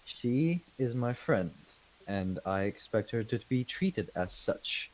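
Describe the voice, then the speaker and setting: A man's voice: medium pitch, expressive, takes it slowly, darkish tone, low-quality recording. A man playing a formal, polite naval captain speaking as a trader and diplomat. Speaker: player.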